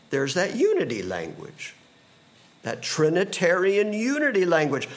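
A man preaching a verse-by-verse sermon as pastor, earnest and emphatic, stacking repeated phrases and slowing to stress key words. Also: huge pitch swings. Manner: slows down and rises in pitch on key phrases. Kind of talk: expository sermon.

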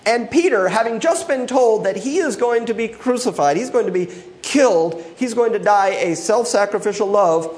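A man's voice: sits high, animated, normal speed, few pauses, darkish tone. A male pastor preaching an expository sermon, acting out quoted voices and laughing often.

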